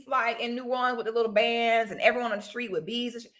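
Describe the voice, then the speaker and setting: Young woman, chatty vlogger, bright, fairly high voice. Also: quick pace, few pauses. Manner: chatty, animated, talks straight to her audience as "y'all". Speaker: vlogger talking to viewers. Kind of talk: casual chat to camera.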